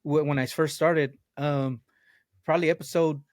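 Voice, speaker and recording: A man from Texas, a guest on a casual podcast chat over a video call, easygoing and quick to laugh. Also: fairly high pitch, fairly even intonation, no room sound, studio quality. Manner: easygoing, agreeable, laughs often.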